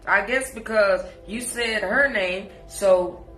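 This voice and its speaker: Sassy scolding Jamaican woman, slow. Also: mid-range voice, a bit bright, reverberant, soft background music. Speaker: social media commentator. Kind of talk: live reaction rant.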